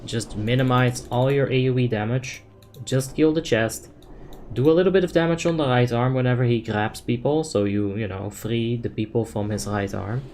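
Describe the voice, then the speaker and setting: Young male streamer, laid-back, mid-pitched, with faint keyboard typing behind. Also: normal speed, darkish tone, a little hiss or hum. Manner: laid-back, filler-heavy, explains tactics. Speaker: game streamer. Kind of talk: casual gaming commentary, reading chat.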